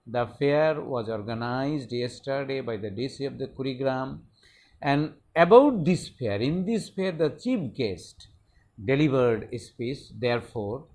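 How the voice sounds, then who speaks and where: A man explains English grammar rules to his students. He talks at a very unhurried pace and keeps repeating key words as he works through each example. His voice sits at an ordinary, mid-level pitch. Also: darkish tone. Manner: deliberate, repeats words and phrases while explaining. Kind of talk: slow explanatory lesson.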